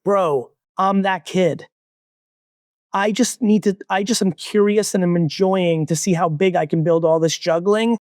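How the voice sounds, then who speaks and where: A man in his forties, born in Russia, talking as a guest entrepreneur in a blunt, profane, animated way. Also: high voice, measured pace, no room sound, clean studio sound. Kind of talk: casual interview talk.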